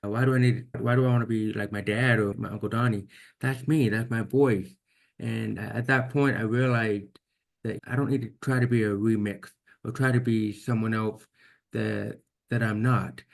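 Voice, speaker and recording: An interview guest with a deaf accent recounts his own experiences earnestly and reflectively. His voice is fairly low and steady with some vocal fry, at a normal pace, and he repeats words when starting over.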